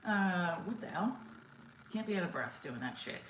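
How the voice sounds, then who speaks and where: A breathless middle-aged woman talks loosely to her live chat between stretches, pausing to thank viewers. Her voice sits on the low side and carries the echo of a bare room. Faint ambient noise hums underneath. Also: expressive, a bit bright. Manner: chatty, reads and thanks chat comments mid-workout. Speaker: livestream host. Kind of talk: casual live-stream chat while exercising.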